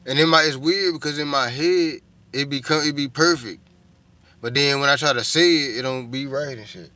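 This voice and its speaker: A man's voice: mid-range voice, moderate pace, bright, forceful tone. A middle-aged man, chatting casually and profanely with viewers on a livestream, rambling from one thought to the next. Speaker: livestream host.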